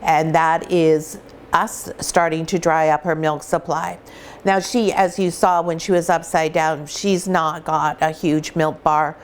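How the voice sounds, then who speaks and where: Chatty low-voiced woman breeder. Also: fairly even intonation, unhurried, a little hiss or hum. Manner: chatty and warm, with many fillers and restarts. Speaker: dog breeder. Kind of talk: casual explanatory vlog.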